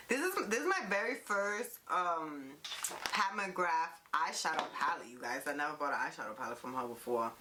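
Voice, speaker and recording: A woman's voice: lowish voice, normal speed. A young woman beauty vlogger gushing playfully through a casual unboxing at home, talking to her viewers. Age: young adult. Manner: gushing and playful, calls viewers "you guys". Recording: steady background noise and clicks.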